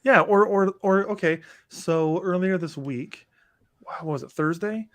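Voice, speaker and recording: A man's voice: high voice, measured pace, no room sound. A man co-hosting a podcast from home, chatting casually and rambling with lots of restarts. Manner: rambling, animated, many restarts. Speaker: podcast co-host. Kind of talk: casual chat. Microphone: remote home setup.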